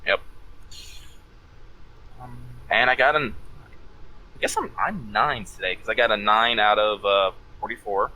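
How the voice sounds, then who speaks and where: A man at a tabletop game chats casually and swears freely, filling pauses with ums. His voice is low-pitched yet very bright and forceful. Faint noise runs under it. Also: low-quality recording. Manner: casual and profane, many ums. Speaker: player.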